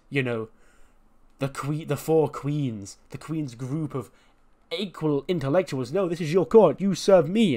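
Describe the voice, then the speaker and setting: A man voicing a bossy, proud woman wrestler who scolds her followers loudly. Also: medium pitch, natural voice. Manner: haughty, scolding, loud.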